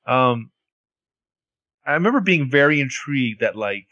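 A man's voice: mid-range voice, expressive, moderate pace, pushed and bright, no room sound, dull audio. A man co-hosting a casual podcast, talking through a TV episode with lots of "like". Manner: chatty, lots of "like" and restarts. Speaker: podcast co-host recapping a TV episode. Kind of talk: casual chat.

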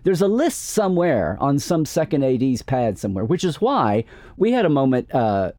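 A male host leads a casual interview in a relaxed, conversational way. His voice is mellow, with lively swings in pitch, and it is recorded dry and close. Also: normal speed, no room sound. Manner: inquisitive, conversational.

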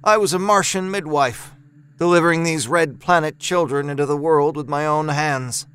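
A man narrating a first-person horror story in a measured, deliberate way, lingering on its imagery. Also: a little high, fairly bright tone, clear, resonant tone.

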